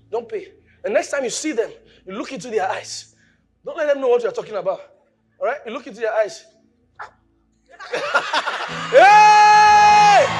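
A man preaching a sermon, animated, shouting at times, mimicking voices and laughing. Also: very high-pitched, breathy edge. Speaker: pastor.

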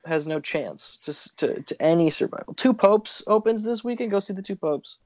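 Joking, halting young man co-host. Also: high voice, animated, darkish tone, no room sound. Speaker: podcast co-host. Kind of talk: casual chat.

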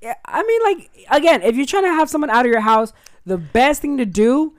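A woman's voice: high-pitched, animated, a little fast, no echo. A young woman, co-hosting a casual chat and telling a swear-filled story while acting out the quotes. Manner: profane, storytelling, acts out quotes. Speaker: podcast co-host.

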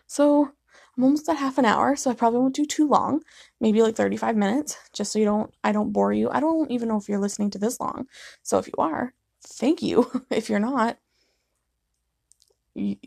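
A woman's voice: mid-range voice, creaky, a little mellow, no echo, studio quality. A young woman hosting a casual solo podcast from her living room late at night, sleepy and yawning, rambling and apologetic, laughing often. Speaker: podcast host.

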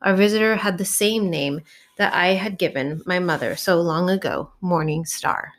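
A woman narrating a novel in the first person, reading in a measured, expressive way. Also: on the low side. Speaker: audiobook narrator.

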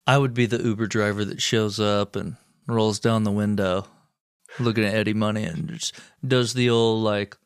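A man co-hosting a podcast, reading a history story aloud with wry, deadpan asides. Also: lowish voice, normal speed, smooth, no echo, clean studio sound. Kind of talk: reading history narration with jokes.

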